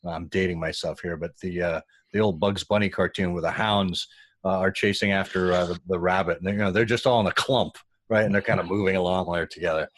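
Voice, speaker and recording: A man telling a story in a casual interview, animated and acting out the voices of the people he quotes. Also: deep voice, fast, no room sound. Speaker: guest.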